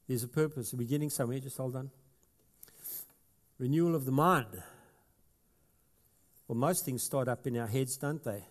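A South African man preaches to his congregation in an easy, conversational way that swells into emphatic stretches. His voice sits at an ordinary middle pitch. A long reverb trails behind him from the hall. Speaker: pastor. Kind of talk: sermon.

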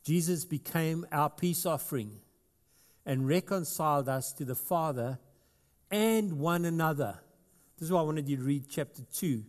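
A man's voice: on the high side, moderate pace. A man with a South African accent preaching a sermon as pastor, talking conversationally and building to emphatic passages. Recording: long hall reverb.

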